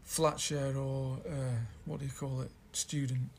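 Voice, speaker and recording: A man's voice: medium pitch, level tone, unhurried, vocal fry, a little hiss or hum. A man hosting a casual album chat, rambling and hesitant as he reads out lyrics. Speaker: podcast host reviewing an album.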